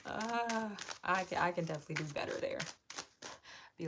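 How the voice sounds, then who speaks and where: A woman's voice: deep voice, lively intonation, moderate pace. Candid, chatty woman tarot reader, swearing freely. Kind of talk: casual livestream tarot reading. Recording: audible background noise.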